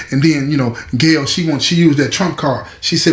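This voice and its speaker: Male storyteller, slightly high voice, conversational and repetitive, roomy recording. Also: normal speed, few pauses. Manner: conversational, repeats phrases, asks listener "you understand?". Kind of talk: casual oral storytelling. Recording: echoey room.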